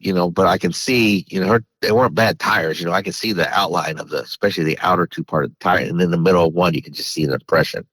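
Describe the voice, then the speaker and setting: A man with a low, slightly husky voice tells a personal story as a podcast guest. He rambles and restarts his sentences often. The recording is dry and close. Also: fairly bright tone, no echo, poor audio. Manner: rambling, many restarts and fillers. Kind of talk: casual storytelling.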